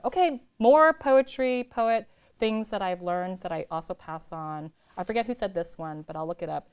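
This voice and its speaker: A woman poet in her thirties, from California, answering audience questions in a chatty, animated way, laughing often and filling her talk with "like". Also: medium pitch, moderate pace, clear, resonant tone. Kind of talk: casual talk at a reading Q&A.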